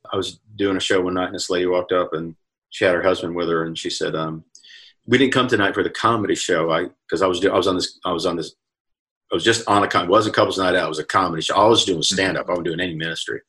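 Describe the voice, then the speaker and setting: Low-voiced man telling candid stories. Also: a bit bright, slightly rough. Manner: chatty, reflective anecdotes with self-quoting. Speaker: comedian and author, guest. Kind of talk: casual storytelling interview. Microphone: video call.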